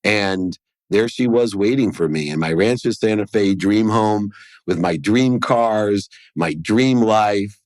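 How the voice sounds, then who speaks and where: A man with a somewhat low, darkish voice speaks slowly and earnestly as a podcast guest, recounting a personal story. He acts out the lines of the people involved, and the sound is close and dry with no room echo.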